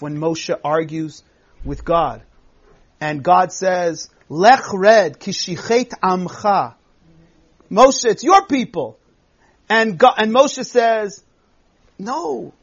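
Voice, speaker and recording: A man teaching a Bible text in class, reading verses aloud and explaining them with emphatic, expressive delivery. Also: high voice, dull audio.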